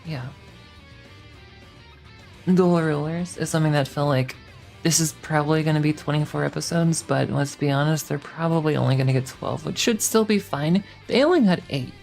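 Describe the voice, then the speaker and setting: A woman streamer with a notably low voice chats casually, rambling and swearing with a sarcastic edge. Faint guitar music plays quietly in the background. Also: normal speed, creaky.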